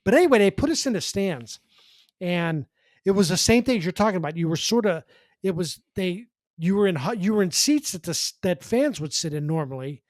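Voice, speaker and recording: A man co-hosting a sports podcast, telling press box stories in an animated casual way with many restarts and acted-out quotes. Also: high-pitched, fairly quick, no echo. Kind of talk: casual storytelling chat.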